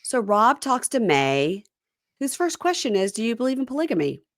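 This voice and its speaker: A woman's voice: fairly high pitch, moderate pace, no echo, studio quality. A woman podcast host chatting casually, recapping a reality show and acting out the cast's lines. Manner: animated storyteller, acts out quotes from the show.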